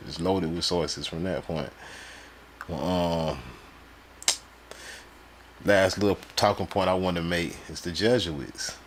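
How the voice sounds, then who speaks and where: A man's voice: low-pitched, fairly even intonation, slight background noise. A man live streaming, reading sources aloud and breaking off into loose, slangy, mocking commentary. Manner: loose slangy talk, quick to laugh and mock.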